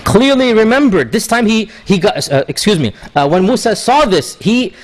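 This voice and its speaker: A man preaching, retelling a story with animated delivery and frequent rhetorical questions. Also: high voice, moderate pace. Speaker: religious teacher. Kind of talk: sermon storytelling.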